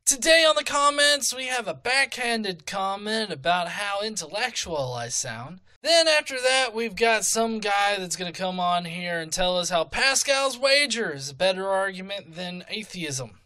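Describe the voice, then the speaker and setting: A high-pitched man with a bright, crisp tone gives an upbeat run-through of what is coming up on his show. His delivery is lively and quick. The recording is dry and close to the mic. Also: no echo. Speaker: host. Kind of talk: show intro.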